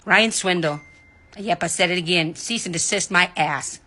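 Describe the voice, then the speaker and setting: A woman delivering a heated, indignant monologue, cussing and swinging between loud outbursts and low muttering, recorded at home in bed. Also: normal speed. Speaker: vlogger. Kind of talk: angry ranting monologue.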